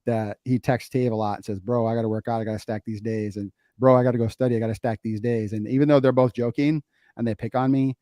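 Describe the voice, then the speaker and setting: A middle-aged man talks through a casual podcast, his tone mellow and warm. He tells stories with energy and repeats key phrases for emphasis. The mic is close and the sound is dry. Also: medium pitch, steady tone, fast, dry recording. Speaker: podcast co-host, father.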